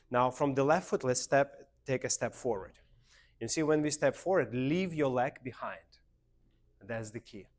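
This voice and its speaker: A man with a Russian accent leads a beginner dance class. He counts the steps aloud and coaches his students. His voice sits at an ordinary middle pitch. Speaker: dance teacher. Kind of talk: dance lesson instruction.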